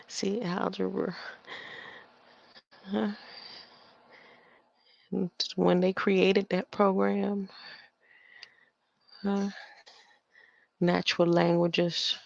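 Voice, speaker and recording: A woman's voice: medium pitch, little pitch movement, drawn-out words, gravelly, long pauses, dry recording, lo-fi sound. An older woman thinking aloud as she reads from her screen, rambling with muttered asides and sudden exclamations. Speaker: solo streamer.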